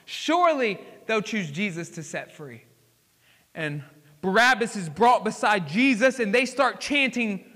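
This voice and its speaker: High bright preacher in a big hall. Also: male voice, animated, normal speed. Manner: dramatic storytelling, swinging from hushed to emphatic. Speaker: pastor. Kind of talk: sermon. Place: church sanctuary.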